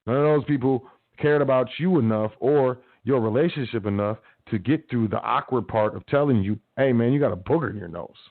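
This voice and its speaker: A man's voice: medium pitch, brisk, few pauses, no room sound. A man hosting a radio show, giving casual motivational talk in a slangy big-brother tone, acting out little quotes. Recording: tinny phone-like audio.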